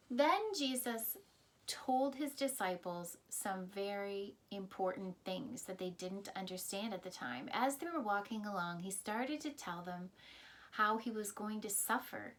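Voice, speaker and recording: A woman teaches a Sunday school class in a Bible storytelling style. Her voice sits at an ordinary middle pitch. She explains things simply and keeps turning to her listeners with little reminders of what they learned before. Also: a bit bright.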